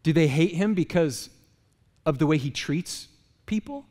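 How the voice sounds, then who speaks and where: High-voiced pastor in a reverberant hall. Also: male voice, expressive, measured pace, a little mellow. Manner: casual, joking, asks the crowd rhetorical questions. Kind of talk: conversational sermon. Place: church sanctuary.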